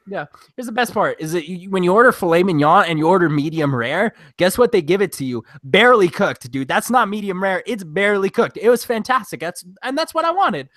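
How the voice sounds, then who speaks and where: A man co-hosting a movie podcast, telling stories in an excitable, laughing, swearing way. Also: high-pitched, a little fast, hardly any pauses, no echo, clean studio sound. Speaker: podcast co-host. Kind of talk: casual chat.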